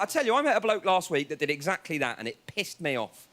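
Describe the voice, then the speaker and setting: High-pitched, animated comedian on stage. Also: male voice, fast talker. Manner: animated, acts out other voices, jumps into a much higher yelling pitch. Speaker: stand-up comedian. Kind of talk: stand-up comedy set. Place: TV studio stage with a live audience. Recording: live TV studio with crowd laughter.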